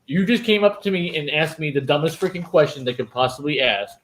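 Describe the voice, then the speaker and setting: An animated, sarcastic man who tells stories in casual talk and swears freely. His pitch swings widely as he talks. Faint noise sits behind him. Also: brisk, hardly any pauses, poor audio. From Irish. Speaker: guest. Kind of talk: casual storytelling chat.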